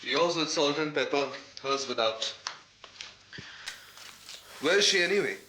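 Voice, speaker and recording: An actor playing a measured, quietly sarcastic male film director. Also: on the high side, expressive, slight background noise. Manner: measured, dry, quietly probing. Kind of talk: 1990s TV drama acting.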